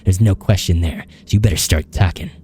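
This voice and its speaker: A man's voice: deep voice, fairly quick, mellow, close to an everyday voice. A man reading the lines of a stern male police detective in a video game, blunt and accusing. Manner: blunt, accusatory, pressing questions.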